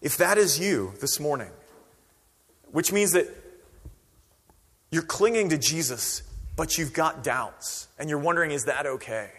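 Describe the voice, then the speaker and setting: A man preaching a sermon as pastor, conversational and animated, acting out quoted voices. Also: on the high side, a little slow, pauses often, breathy edge, in a large hall.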